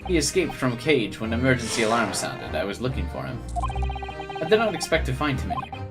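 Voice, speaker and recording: A man's voice: medium pitch, sing-song, a little fast, lightly acted. A man voicing a blunt Russian woman who keeps a pet snake, in broken English with a put-on Russian accent, over game music.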